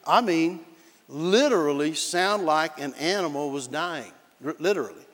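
High-voiced preacher in a reverberant hall. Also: male voice, unhurried. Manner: animated storytelling with barking dog imitations. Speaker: pastor. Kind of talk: sermon. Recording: long reverb of a large hall.

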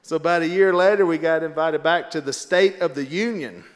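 Man, comic storyteller; high-pitched, lively, laughs at his own lines, live stage in a big echoey hall. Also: a little fast. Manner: animated, laughs through his own punchlines. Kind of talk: comedic storytelling to a live audience.

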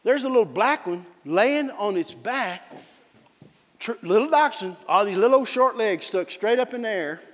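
A man with a high voice delivers a sermon from the pulpit. He tells stories in an animated way and breaks into barking imitations. The sound carries the long reverb of a large church hall. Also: normal speed. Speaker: pastor.

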